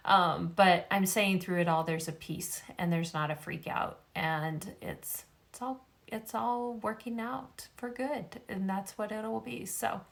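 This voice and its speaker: A woman's voice: mid-range voice, steady tone, a little slow, vocal fry. A middle-aged woman speaking to camera in a casual vlog about faith. She talks earnestly and rambles with many fillers, and she is tired after a migraine. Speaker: vlogger.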